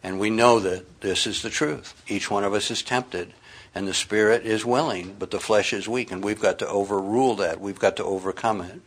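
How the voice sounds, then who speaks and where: Earnest male preacher, low voice. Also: steady tone, moderate pace. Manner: earnest, reads scripture aloud, rises with emphasis. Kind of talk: sermon.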